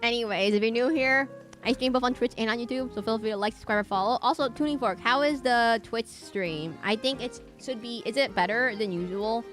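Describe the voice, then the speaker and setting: A woman's voice: fairly high pitch, brisk, a bit bright, faint music behind. A woman streaming a video game live, chatting in a rambling, playful way and now and then humming little sing-song tunes.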